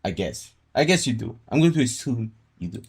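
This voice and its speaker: A man's voice: medium pitch, very animated, a little fast, husky. A male livestreamer chatting casually with his audience, laid-back and jokey, reacting to chat with laughs. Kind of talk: casual live-stream chat.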